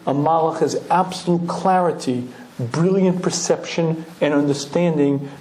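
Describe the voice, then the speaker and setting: A rabbi tells a story with animated energy, pausing often to clear his throat. His voice sits fairly high but has a warm, mellow tone. The room echoes noticeably. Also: a little hiss or hum. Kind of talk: storytelling Torah lecture.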